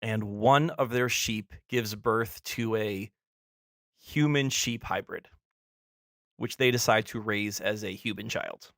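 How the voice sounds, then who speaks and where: A man's voice: on the low side, slow pace, a bit bright, no echo, studio quality. A man co-hosting a film podcast, talking casually and laughing often as he stumbles over names. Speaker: podcast co-host.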